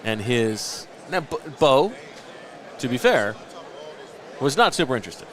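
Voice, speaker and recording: A man in his late thirties hosts a casual podcast at a middle pitch. He spins long, rambling stories and pokes fun at himself as he goes. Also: big pitch swings, measured pace, a bit bright. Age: late 30s. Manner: rambling, self-mocking storyteller. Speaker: podcast host. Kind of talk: casual chat.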